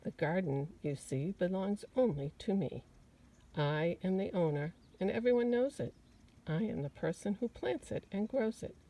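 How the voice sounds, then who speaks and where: A woman's voice: medium pitch, lively intonation, normal speed, mellow, distant mic, pitched above the performer's own voice. A woman doing a proud, bossy gardener. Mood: boastful. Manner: boastful, self-satisfied.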